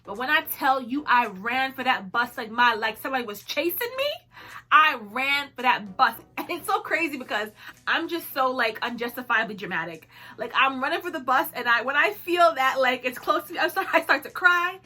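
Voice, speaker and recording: Young woman vlogger, high and bright, dramatic storyteller who laughs a lot. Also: expressive, fairly quick. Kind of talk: storytime chat.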